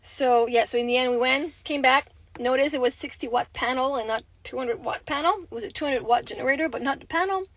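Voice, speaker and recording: In a poor-quality recording, a young adult mother from Quebec talks fairly quickly in a high-pitched voice. She chats candidly on a phone livestream with a Québécois French accent, rambling and swearing freely.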